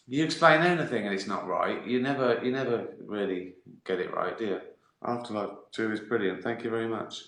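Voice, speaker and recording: A man with a fairly low voice and a sharp, bright edge chats casually on a livestream. He rambles and mocks himself, drifting from one tangent to the next. The sound is roomy, with noticeable echo. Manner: rambling and self-mocking, full of tangents. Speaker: comedian chatting live to viewers. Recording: roomy echoey room.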